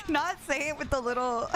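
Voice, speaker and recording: A woman's voice: high-pitched, very noisy. Giggly young woman streamer chatting. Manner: chatty and giggly, reading chat aloud. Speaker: game streamer. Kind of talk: casual live-stream chat.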